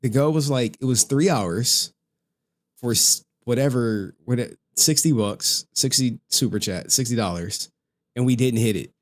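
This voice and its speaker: Speaking at a measured pace in a medium-pitched voice, a man hosts a livestream. It's casual, rambling talk aimed at his chat, broken up by frequent laughter.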